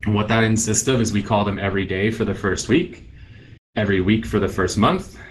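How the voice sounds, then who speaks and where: Low-voiced man coaching a sales talk. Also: fairly quick, rough recording. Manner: energetic coaching, acts out sample phone calls. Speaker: real estate team leader presenting. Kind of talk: conference sales presentation.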